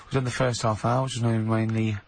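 A man's voice: on the low side, level tone, a little fast, gravelly, slight background noise. A man hosting a radio show, joking around in casual banter with a giggly, jokey way of talking.

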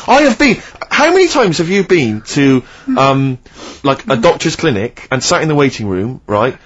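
Husky man mocking his co-host. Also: mid-range voice, very animated. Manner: exasperated, mocking, quick to mimic others. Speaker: radio co-host. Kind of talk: comic radio banter. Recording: slightly dull radio studio sound.

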